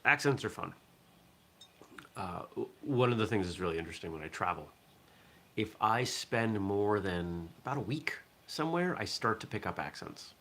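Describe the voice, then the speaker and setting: A man from southern Maine hosts a relaxed morning stream. His voice sits fairly low but has a bright, forceful edge. He rambles easily and answers viewer comments as he goes. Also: moderate pace. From southern Maine, USA. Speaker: host of a martial arts morning show. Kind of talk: casual live-stream chat.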